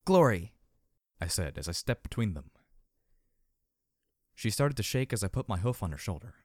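A man narrating an audiobook in an expressive, dramatic way. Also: lowish voice, moderate pace, no echo, clean studio sound.

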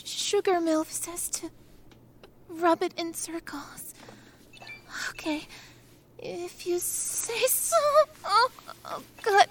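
A young woman acting a shy, nervous streamer in an adult audio role-play, stammering and hesitant, sometimes hushed. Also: very high voice, slow, pauses often, background noise. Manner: hushed, half-whispered at times.

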